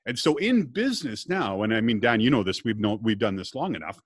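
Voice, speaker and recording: A man's voice: fairly low pitch, brisk, breathy edge, no room sound. A middle-aged man telling a personal story in casual conversation as a guest, acting out what others said along the way. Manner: lively storyteller, acts out quoted dialogue.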